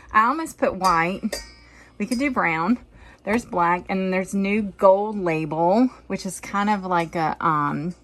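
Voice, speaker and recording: A woman's voice: mid-range voice, a bit bright, a little hiss or hum. A middle-aged woman, chatting folksily and joking at herself as she cooks in her home kitchen. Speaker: vlog host cooking. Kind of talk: casual cooking vlog chat.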